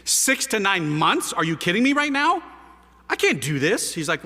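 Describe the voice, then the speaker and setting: Animated man preaching in a reverberant hall. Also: sits high, moderate pace. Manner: lively storyteller, casual slang, rhetorical questions. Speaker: priest giving a conversion testimony. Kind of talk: animated testimony talk to an audience. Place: large hall with a live audience.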